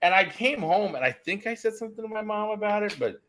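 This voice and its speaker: A man's voice: high-pitched, lively intonation, fast, bright, forceful tone. A middle-aged man hosting a podcast, telling a long story in a rambling, self-interrupting way. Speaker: podcast host. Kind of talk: casual chat.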